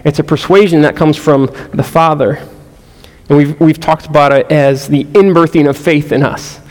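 Man preaching a sermon, slightly high voice, earnest conversational delivery, long hall reverb. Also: fairly even intonation, normal speed. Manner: earnest, conversational, frequent restarts and "you know". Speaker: pastor.

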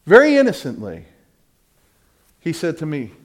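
A middle-aged man preaching a sermon, swinging from loud fervent peaks down to low, quiet storytelling. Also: normal speed.

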